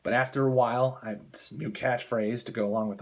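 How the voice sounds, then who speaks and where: A man's voice: medium pitch, fairly even intonation, fairly quick. A man ranting as a political commentator in a vlog, heated, contemptuous and swearing constantly. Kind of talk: angry political rant vlog.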